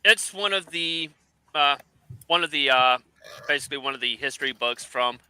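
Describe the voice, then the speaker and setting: Bright, smooth-voiced male game master. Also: a little high, no echo, low-quality recording. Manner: halting, searching for words. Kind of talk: narrating a tabletop game.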